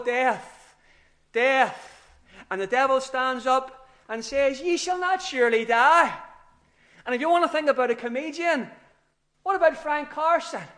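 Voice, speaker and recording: A man's voice: extremely high pitch, fairly bright tone. A man preaching an earnest, emphatic sermon with rising outbursts.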